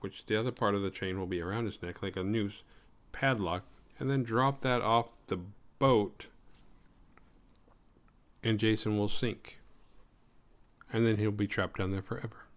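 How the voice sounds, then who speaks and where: Guy with a lowish voice rambling thru a horror movie recap, jokey and crude. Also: a little slow, pauses often. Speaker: horror movie podcast host. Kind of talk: casual film recap.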